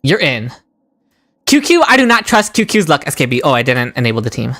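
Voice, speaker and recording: A woman with a rumbling low, fairly bright voice streams a game live on a desk microphone, talking briskly in a sing-song way. She chats with viewers in chat and shrieks with delight at lucky rolls.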